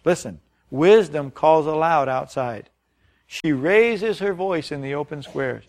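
A man's voice: on the high side, unhurried, a little mellow. A man preaching a sermon, reading scripture and putting emphatic questions to his congregation. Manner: reads scripture aloud, then explains it plainly. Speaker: pastor.

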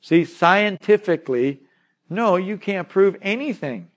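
Male pastor, slightly high voice, emphatic sermon delivery with repetition. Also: expressive, unhurried. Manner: emphatic, repeats key words, calls on listeners to say words aloud.

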